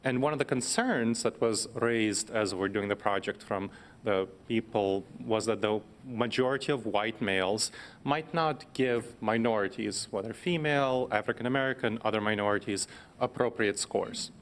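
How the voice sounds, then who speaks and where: A man, a consultant, explaining his point on a panel in a measured, conversational way. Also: on the low side.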